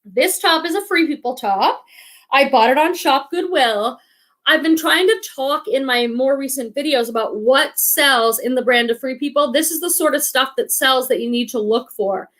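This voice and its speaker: A woman's voice: high-pitched, moderate pace, fairly bright tone. A woman in her forties hosting a casual live stream, chatting and reading out viewer comments, thinking aloud with many restarts. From Boston area, USA. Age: 40s. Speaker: reselling livestream host.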